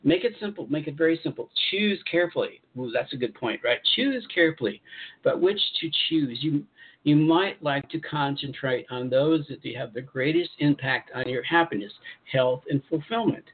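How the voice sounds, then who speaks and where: A man hosting a spiritual advice show, speaking in an encouraging, repetitive way and pausing to comment as he reads articles aloud. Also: a little high, slightly rough. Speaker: host channeling spirit guides. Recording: tinny phone-like audio.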